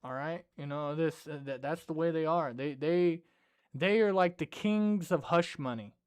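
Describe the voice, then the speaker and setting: Male comedy host, high and smooth voice, swears a lot, rambles through his stories. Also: normal speed. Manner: profane, rambling storyteller. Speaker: podcast host. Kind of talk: casual comedic commentary.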